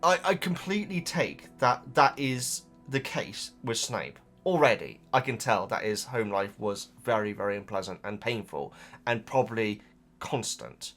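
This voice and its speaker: A man's voice: fairly low pitch, lively intonation, a little slow, fairly bright tone, soft background music. A man who hosts, chatting casually as he reads out viewer comments, rambling, stopping himself and laughing often. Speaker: host reading viewer comments. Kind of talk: casual chat to camera.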